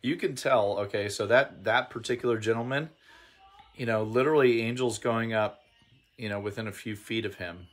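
A man's voice: on the low side, normal speed. A man in casual conversation, supportively filling in details of the outreach stories and agreeing along. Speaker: co-host on a mission outreach.

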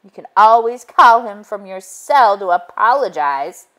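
Woman voicing a dry, wry storybook egg detective; slow, lively pitch. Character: wry male egg detective, narrator-hero.

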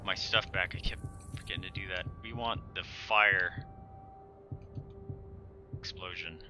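A man streaming a video game, giving excitable commentary and yelling and groaning at what happens on screen. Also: low-pitched, a little slow, slight background noise. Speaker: gaming streamer. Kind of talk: live gameplay commentary.

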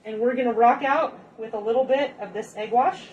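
A woman's voice: a little high, brisk, a little mellow, dull audio. A woman hosting a casual home cooking demonstration in her kitchen, chatty and rambling with joking asides to viewers. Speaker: cooking show host. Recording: distant mic with faint background noise.

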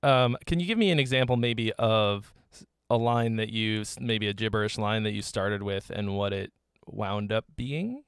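A man's voice: fairly low pitch, normal speed, clean tone, no room sound, studio quality. A man hosting a podcast, asking questions hesitantly with plenty of ums. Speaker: podcast host and interviewer. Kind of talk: interview questions.

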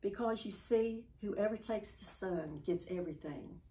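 A woman giving a church devotional, reading a story aloud in a calm, measured way. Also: mid-range voice, low-quality recording.

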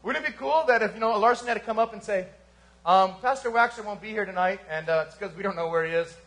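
A man preaching a sermon as pastor at a church service, swinging from fervent emphasis to hushed, quiet lines. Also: high-pitched, quick pace. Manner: animated preaching with sudden quiet drops.

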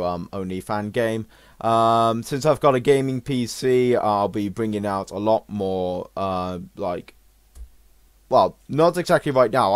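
A young man giving let's-play commentary on a horror game, jumping and exclaiming loudly when startled. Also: on the low side, dry recording. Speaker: gaming channel host.

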